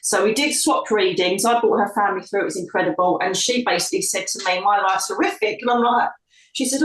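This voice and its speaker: A middle-aged woman from the UK, a psychic medium telling her life story in an interview, lively and acting out the voices of others. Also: medium pitch, fairly quick. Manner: animated storyteller, acts out quoted voices. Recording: echoey room, distant from mic.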